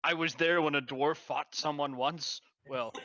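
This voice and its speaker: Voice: medium pitch, fairly even intonation, unhurried, pushed and bright, no room sound, muffled recording. A game master voicing a boastful man whose voice sounds in the heroes' heads and keeps walking back his own boasts. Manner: bragging, then backtracking on the claim. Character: boastful man's voice in heads, backpedaling.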